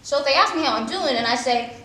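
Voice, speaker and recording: A sardonic, washed-up male horse star, played by a woman gives a darkly funny eulogy in a high, bright voice that swoops all over the place. His self-deprecating jokes ring out in a roomy, echoing space. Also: animated, quick pace. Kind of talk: stage monologue, eulogy. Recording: roomy echo.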